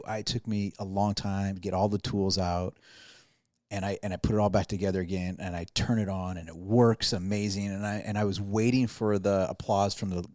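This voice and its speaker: A man's voice: lowish voice, darkish tone, no room sound, clean studio sound. A man, a pastor and podcast host, telling a self-deprecating story in casual chat with lots of restarts.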